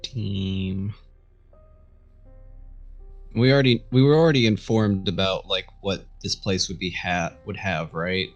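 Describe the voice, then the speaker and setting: A man's voice: sits low, steady tone, unhurried, long pauses, no room sound, dull audio, soft background music. A man playing a tabletop game, thinking aloud in a cautious way. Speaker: player.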